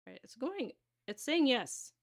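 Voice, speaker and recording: A woman's voice: high voice, big pitch swings, moderate pace. A woman hosting a live stream of card and pendulum readings, talking casually to viewers in a rambling way with many fillers and restarts.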